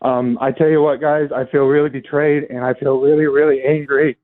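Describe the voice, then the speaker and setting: A man's voice: fairly high pitch, level tone, fairly quick. A man calling into a radio show, earnest and aggrieved, with hesitant fillers. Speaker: radio caller. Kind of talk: call-in radio. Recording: tinny phone line.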